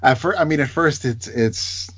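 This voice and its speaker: A man's voice: mid-range voice, moderate pace, fairly bright tone, breathy edge. A man co-hosting a podcast in casual chat, hesitant and stammering as he talks. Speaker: podcast co-host.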